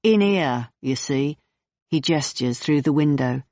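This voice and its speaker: A blunt, laid-back male clown with an Estuary English accent, as an audiobook reader puts him on. He talks slowly and casually. The recording is dry and dull. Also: fairly high pitch, lively intonation, a little mellow, no echo.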